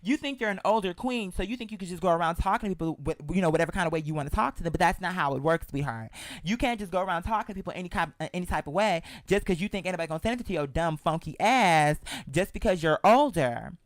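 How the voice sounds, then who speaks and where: A chatty, sassy show host tells a story straight to the listener and keeps calling them "girl". The pitch sits in the middle range. The sound is dry and close, with no room echo. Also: fast. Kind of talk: casual storytelling monologue.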